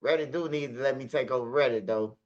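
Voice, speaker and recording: A man's voice: mid-range voice, quick pace. A man hosting a stream, talking in rambling casual commentary with street slang and repeated words. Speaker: streamer host. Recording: dull lo-fi stream audio.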